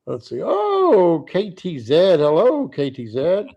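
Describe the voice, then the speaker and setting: A man's voice: high voice, wildly swooping pitch, slow, vocal fry, mellow, dull audio. A man hosting a casual live stream, tired and yawning, rambling and swearing freely. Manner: rambling, swears freely, reads chat aloud. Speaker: livestream host.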